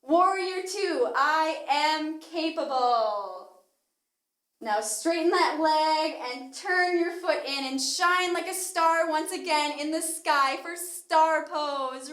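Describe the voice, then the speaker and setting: A woman with a high, bright voice guides toddlers through a yoga class. She talks slowly, in a cheerful sing-song. Her voice rings in an echoey room. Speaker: kids yoga instructor.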